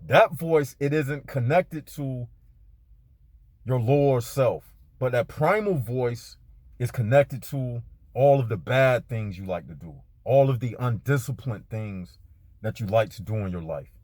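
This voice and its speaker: A man's voice: medium pitch, measured pace, a little mellow, no echo. A man in a parked car giving a casual spiritual talk to his viewers, laid-back and slangy, speaking straight to them. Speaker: spiritual vlogger.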